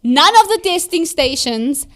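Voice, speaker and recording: Lively South African woman telling a story. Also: high voice, measured pace. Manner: lively storyteller, acts out quotes. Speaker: podcast co-host. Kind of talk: casual chat.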